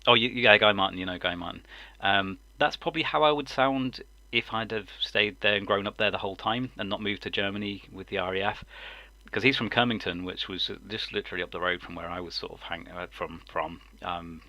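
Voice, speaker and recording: A man's voice: fairly low pitch, fairly quick, sharp tone, no room sound. A man in his forties from Lincolnshire with a mixed, slightly southern English accent, chatting casually on a live stream, rambling with lots of ums and frequent chuckles. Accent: mixed English, mildly southern-sounding. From Lincolnshire, England.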